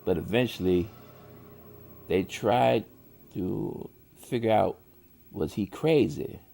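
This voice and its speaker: A man's voice: fairly low pitch, slow pace, vocal fry, warm tone, faint music behind. A man casually narrating a horror story in a drawling, colloquial way with loose grammar.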